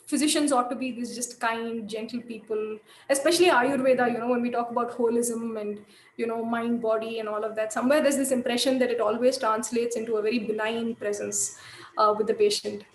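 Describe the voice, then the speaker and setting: A woman's voice: a little high, steady tone, fairly quick, a little hiss or hum. Woman lecturing in an echoey room. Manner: thoughtful, many fillers and restarts. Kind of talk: lecture storytelling.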